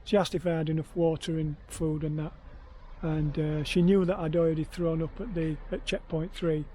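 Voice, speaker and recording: A man's voice: a little high, level tone, moderate pace, dark tone, slight background noise. A man, worn out after heatstroke, vlogging about his ultra run in a rambling, hesitant way with many ums. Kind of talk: casual self-filmed vlog.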